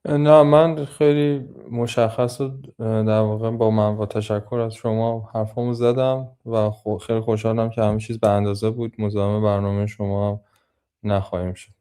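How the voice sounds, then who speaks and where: Man, guest, polite and grateful, fast, dark smooth voice, distant call audio. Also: lowish voice, level tone.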